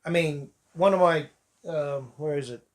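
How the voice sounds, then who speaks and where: A man's voice: fairly high pitch, unhurried. A man reviewing a movie in a casual, wry way, piling on exaggerated put-downs and laughing at them.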